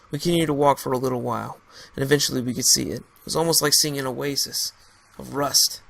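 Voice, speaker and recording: A man tells a survival story in a halting, unpolished way, pausing and restarting. His voice has a gravelly, creaky texture. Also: mid-range voice, steady tone, a bit bright. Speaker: narrator. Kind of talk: amateur storytelling narration.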